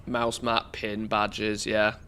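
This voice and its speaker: A man's voice: lowish voice, vocal fry, sharp tone. Congested man with a cold, game streamer, loose rambling live chat, faint background noise. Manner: rambling, many fillers and restarts.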